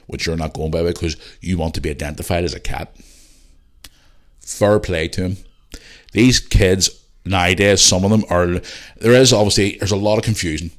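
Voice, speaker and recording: A man in his forties with a very deep, low voice, hosting a podcast solo. He rants in a loose, opinionated way, swears often and hammers his points home by repeating them. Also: brisk. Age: 40s. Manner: ranting, swears freely, emphatic repetition. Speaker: podcast host. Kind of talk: opinionated casual monologue.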